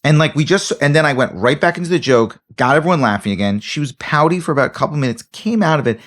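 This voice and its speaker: A man's voice: a little high, quick pace. A man, a comedian co-hosting a podcast, telling a story in casual chat and acting out the people in it. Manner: animated storytelling, acts out voices.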